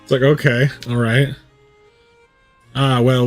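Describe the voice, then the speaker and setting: A man's voice: mid-range voice, moderate pace, soft background music. Rambling man streaming a game. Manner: rambling, thinking aloud with many "like"s. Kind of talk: casual live gameplay commentary. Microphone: studio USB condenser mic.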